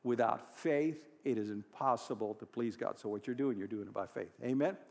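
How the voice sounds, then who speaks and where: A pastor preaching a sermon, moving from quiet storytelling to loud, fervent exhortation. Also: male voice, medium pitch, moderate pace, vocal fry, long reverb tail. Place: church hall.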